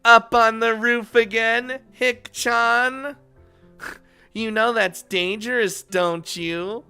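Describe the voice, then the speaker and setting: A man doing a high, sing-song perky schoolgirl. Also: fairly even intonation, slow pace, pushed and bright, smooth, soft background music, exaggerated voice. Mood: teasing. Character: perky, cheerful teenage girl, teasing.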